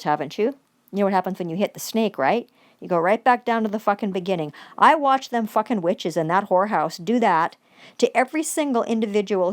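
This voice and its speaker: Angry woman ranting at the camera, swearing nonstop, jumps into formal legalese. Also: medium pitch. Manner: heated, swearing, accusatory; reads out formal demands between outbursts. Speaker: vlogger. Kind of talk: angry profane rant.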